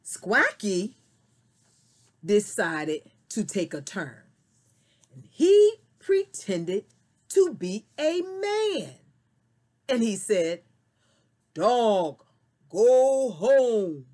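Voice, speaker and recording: Slow, sing-song woman storyteller. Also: medium pitch, wildly swooping pitch, a little mellow. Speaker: children's storyteller. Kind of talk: storytelling for children.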